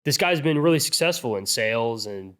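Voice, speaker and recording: Relaxed chatty male interviewer. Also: medium pitch, fairly quick, clear, resonant tone. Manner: chatty, relaxed, builds on guest's points. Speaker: podcast host, interviewer. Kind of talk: conversational interview.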